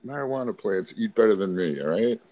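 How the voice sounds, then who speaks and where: A man's voice: lowish voice, expressive, fairly quick, warm tone, dry recording. A man hosting a casual podcast chat, laid-back and rambling, laughing often. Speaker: podcast host. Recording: faint background noise.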